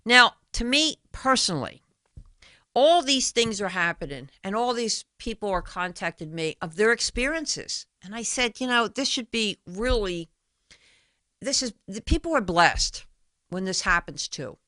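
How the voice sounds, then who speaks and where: A woman's voice: medium pitch, animated, unhurried, sharp tone, no room sound. A woman hosting a talk show, chatting and retelling stories of conversations she has had. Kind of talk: solo radio talk show monologue.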